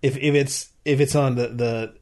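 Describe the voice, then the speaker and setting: A male podcast host in relaxed, casual conversation with his co-host. His voice sits at an ordinary middle pitch, and he explains ideas in loose stretches full of fillers and self-corrections. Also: normal speed. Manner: explaining with many restarts and fillers. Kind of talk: casual chat.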